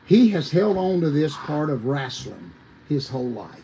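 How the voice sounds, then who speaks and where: A man, a former wrestler telling lively, folksy stories as a podcast guest, talking straight to his listeners. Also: on the high side, normal speed, creaky, slight background noise, rough recording. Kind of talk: animated storytelling on a podcast.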